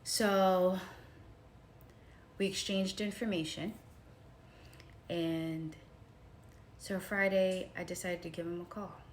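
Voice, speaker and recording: Slow-talking woman vlogger. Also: on the low side, a little hiss or hum. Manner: animated, addresses viewers as y'all, swings from hushed to shouting. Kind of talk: casual storytelling to camera.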